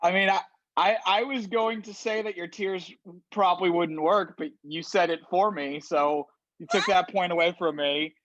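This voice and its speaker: A man comedian arguing his side in a casual comic debate, halting with many restarts. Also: sits high, fairly bright tone, dry recording, highs cut off.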